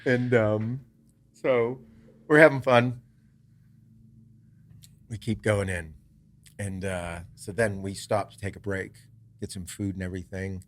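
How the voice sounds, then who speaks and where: A man hosting a podcast, telling a story in casual chat, swearing freely, laughing often and dropping to a hush for parts of the story. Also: lowish voice, fairly even intonation, slow, long pauses. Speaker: podcast host.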